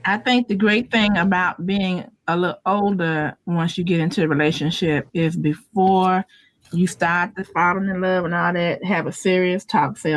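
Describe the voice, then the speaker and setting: A woman's voice: on the low side, steady tone, moderate pace, dry recording. A middle-aged woman in a casual stream chat, telling about her day and giving homey relationship advice. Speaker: guest on a call-in stream.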